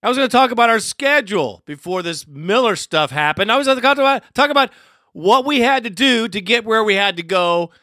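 Heated, profane man ranting, high and bright. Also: animated, a little fast, no room sound, clean studio sound. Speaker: fan podcast host. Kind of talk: solo ranting commentary.

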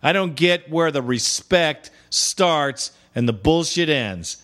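A man with a somewhat high voice hosts a call-in fan podcast. He talks bluntly and casually, treating callers like old friends. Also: animated, takes it slowly, fairly bright tone. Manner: blunt, chummy, calls callers brother. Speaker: podcast host. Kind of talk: casual call-in show hosting.

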